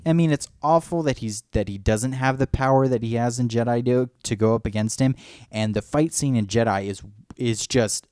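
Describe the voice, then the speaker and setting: A man's voice: mid-range voice, moderate pace, darkish tone, dry recording. Guy gushing about films on a podcast, fillers everywhere, close dry mic. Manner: enthusiastic, rambling, acts out movie quotes. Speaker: podcast co-host. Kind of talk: casual fan chat.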